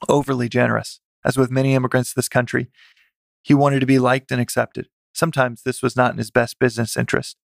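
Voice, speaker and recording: A man reading a family memoir aloud, in a plain, steady way with occasional self-corrections. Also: medium pitch, creaky, dry recording. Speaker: narrator.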